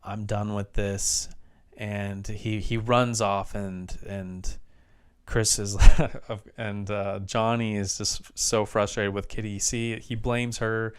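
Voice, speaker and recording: A man's voice: on the low side, little pitch movement, slow pace, smooth. A man casually recapping an old movie's plot for his review show, rambling with frequent restarts and fillers. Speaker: film reviewer.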